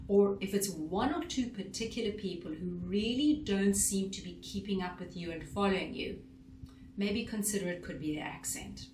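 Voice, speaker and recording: A woman's voice: medium pitch, a little hiss or hum. A woman speech coach giving an instructional talk to camera, emphatic and full of rhetorical questions. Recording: roomy echo.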